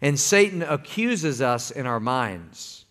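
A man's voice: mid-range voice, sing-song, slow pace, fairly bright tone. A man preaching a sermon as pastor, folksy and calling on the congregation to answer back. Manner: folksy, calls for congregation responses.

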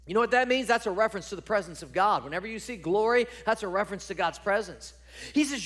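Speaking quickly and animatedly, a pastor with a strikingly high, fairly bright voice preaches to his congregation. He is earnest and forceful, building each point through repetition and turning to address the church with direct questions.

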